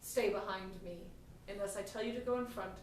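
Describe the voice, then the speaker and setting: A woman's voice: medium pitch, steady tone, a little hiss or hum, natural voice. A woman playing an ambitious, commanding expedition leader in a live stage improv scene. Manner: commanding, brisk, grand. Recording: echoey theatre, far from mic.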